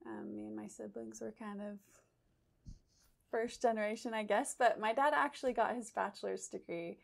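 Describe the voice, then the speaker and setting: A young woman from Idaho, a psychology graduate student, answering interview questions thoughtfully, with frequent pauses and ums. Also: medium pitch, steady tone, creaky. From Idaho, USA. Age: young adult. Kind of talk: conversational interview.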